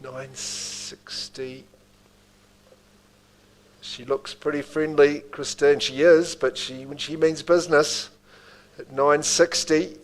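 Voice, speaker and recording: A man's voice: on the high side, little pitch movement, slow, pauses often, a little hiss or hum, poor audio. A man with a New Zealand accent calling bids at a live property auction, with rhythmic bid calls and chatty asides to the room.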